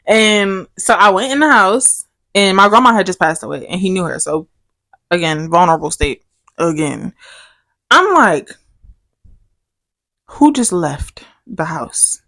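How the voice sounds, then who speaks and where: Young woman telling a lively story. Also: moderate pace, no room sound. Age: young adult. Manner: animated storytelling, acts out quotes with big pitch jumps. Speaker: podcast co-host. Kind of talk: casual chat.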